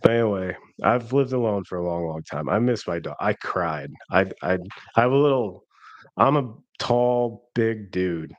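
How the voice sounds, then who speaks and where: A man's voice: on the low side, lively intonation, moderate pace, dry recording, lo-fi sound. A man in his thirties telling a rambling, self-deprecating personal story in a casual vlog. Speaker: vlogger.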